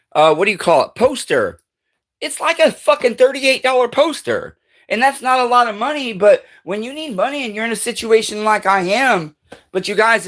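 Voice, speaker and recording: A man hosting a livestream from his home, ranting angrily and swearing constantly, swinging between heated outbursts and lower muttering as he moves between rooms. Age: adult parent. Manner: profane, heated and complaining; rising to loud agitation, then muttering lower while walking around. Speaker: livestream host. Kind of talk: angry livestream rant.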